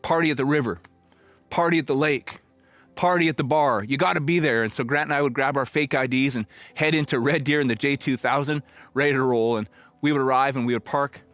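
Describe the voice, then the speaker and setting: A middle-aged pastor telling a personal story in a conversational, reflective sermon, now and then acting out old conversations. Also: male voice, mid-range voice, brisk, fairly bright tone, no echo, faint music behind.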